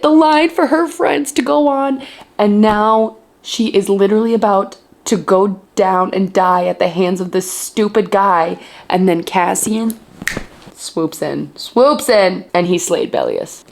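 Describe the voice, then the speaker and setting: Gravelly-voiced young woman gushing over a book. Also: mid-range voice, measured pace, slight background noise. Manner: gushing, excitable reactions to a book. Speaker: book vlogger. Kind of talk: casual reading vlog commentary.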